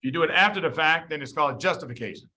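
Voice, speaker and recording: A man's voice: on the high side, rapid-fire, bright, forceful tone. A man from the south side of Chicago giving a casual medical lecture, talking conversationally and acting out the people he tells stories about. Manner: conversational, storytelling, acts out quoted people.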